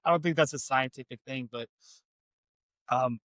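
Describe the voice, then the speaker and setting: Medium-pitched and a bit bright, a man's voice moves at a moderate pace in a dry recording. As a podcast co-host he rambles in relaxed, self-mocking chat, often using fillers and starting over.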